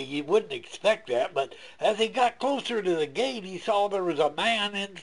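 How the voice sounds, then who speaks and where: Male storyteller, folksy and chuckling, gravelly voice with very lively pitch.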